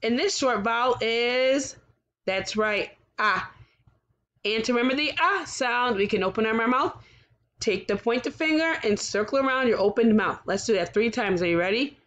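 A woman's voice: a little high, moderate pace, fairly bright tone, lo-fi sound. A woman teaching a recorded kindergarten lesson, encouraging the children and sounding out letters one by one.

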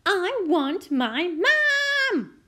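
A woman voicing a whiny, demanding little girl princess who wails in drawn-out cries. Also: extremely high pitch, very animated, sharp tone, voice pushed up, heavily acted. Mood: wailing.

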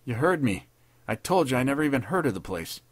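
A man's voice: medium pitch, sing-song, fast, voice pushed up. A man voicing a furtive street hoodlum turned soldier, cocky and defiant in his talk.

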